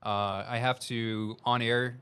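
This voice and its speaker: A man's voice: medium pitch, level tone, takes it slowly, bright, forceful tone, clean tone. Man with a slight Southern Missouri twang. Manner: earnest, urgent warnings, reads viewer chat aloud. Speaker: meteorologist. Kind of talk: live severe weather coverage.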